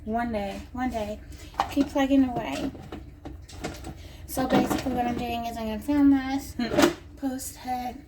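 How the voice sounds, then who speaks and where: A woman's voice: sits high, steady tone, measured pace, pauses often. A woman chatting to camera at home as a vlogger selling nail strips, rambling and joking as she goes. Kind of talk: casual chat to camera. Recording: distant mic with clear background noise.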